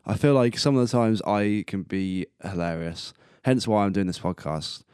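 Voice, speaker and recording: Young man, 20s, solo podcast host: very deep voice, dry close-mic sound, rambling and self-amused. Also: moderate pace, a little mellow, smooth, dry recording. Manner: rambling and self-amused, laughing at his own jokes. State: coughing and burping now and then. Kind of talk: casual solo podcast monologue.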